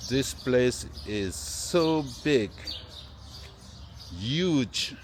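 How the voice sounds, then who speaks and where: A man, vlogging casually while walking through an open-air plant nursery with a handheld phone, relaxed and repeating "yeah, man" often. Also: medium pitch, extremely slow, a little hiss or hum. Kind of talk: casual walking vlog to camera.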